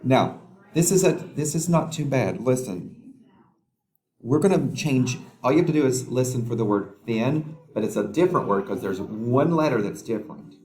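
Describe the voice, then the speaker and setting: A man teaching a phonics lesson to young children, slowly sounding out letters and words with patient prompts. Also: mid-range voice, animated, darkish tone.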